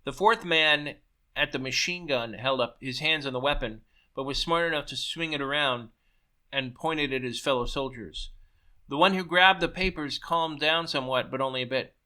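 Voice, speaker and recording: A man reading his own story aloud in a brisk way, sometimes stumbling and restarting a word. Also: medium pitch, bright, forceful tone. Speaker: story reader.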